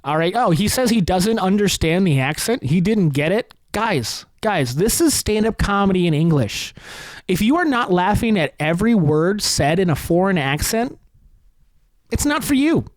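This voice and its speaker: A man's voice: sits high, very animated, normal speed, dry recording. A man hosting a comedy podcast, delivering a sarcastic, profane rant. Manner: ranting, sarcastic, heavily profane.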